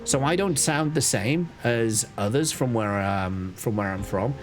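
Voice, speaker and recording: A man from Liverpool with a softened Liverpool accent, thinking aloud with restarts while streaming a game. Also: medium pitch, expressive, a little slow. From Liverpool, England. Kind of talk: casual live-stream commentary. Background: faint game music.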